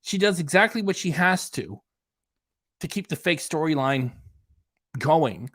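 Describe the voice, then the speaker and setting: A man's voice: a little high, animated, unhurried, a bit bright, no echo. Sarcastic man in dry commentary. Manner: sarcastic, rambling. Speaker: reaction channel host. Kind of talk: casual commentary.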